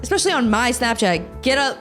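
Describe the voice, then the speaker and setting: A young American woman hosting a podcast, reading posts aloud and reacting in an animated, exaggerated, swearing rant. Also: on the high side, brisk, soft background music. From United States. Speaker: podcast host.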